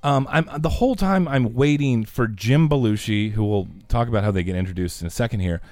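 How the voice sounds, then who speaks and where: A man's voice: mid-range voice, a little fast, a little mellow, no room sound. A man co-hosting a casual movie podcast, cracking wry, dry jokes and teasing his co-host. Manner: wry, dry jokes with playful put-downs. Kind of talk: casual movie-review chat.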